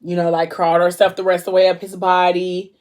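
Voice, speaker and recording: A woman's voice: fairly low pitch, level tone, fast talker, darkish tone. Chatty woman recapping a book. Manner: chatty, slangy, filler-heavy retelling. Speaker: vlogger. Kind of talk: casual book discussion.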